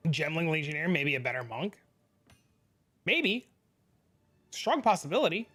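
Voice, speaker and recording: A young man streaming a game, chatting casually, excitable and swearing freely as he reads chat aloud. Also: a little high, a little slow, faint music behind.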